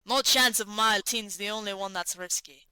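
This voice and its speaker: A woman reading an audiobook who voices a loud, hard-drinking male cavalry officer with a booming manner. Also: moderate pace, clean tone, no echo, poor audio. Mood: boisterous. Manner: loud, boisterous.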